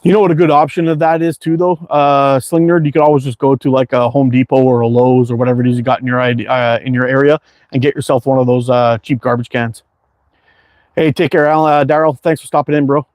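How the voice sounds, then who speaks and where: A man's voice: mid-range voice, steady tone, fast talker, darkish tone, no echo. Tired, easygoing man hosting a live chat. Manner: easygoing, rambling, many fillers and restarts. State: tired, worn out. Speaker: livestream host reading viewer chat. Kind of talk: casual live chat while target shooting.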